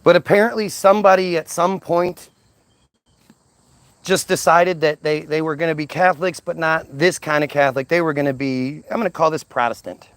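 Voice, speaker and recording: Male commentator, agitated unscripted rant, raised pitch, stumbling repeats. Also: moderate pace, a bit bright, no room sound. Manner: ranting, agitated; repeats and restarts words. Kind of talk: unscripted monologue.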